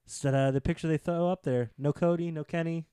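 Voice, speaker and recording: A man co-hosting a casual wrestling podcast, excitable and rambling, with jokey asides. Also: fairly high pitch, brisk, smooth, dry recording, studio quality. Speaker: podcast co-host.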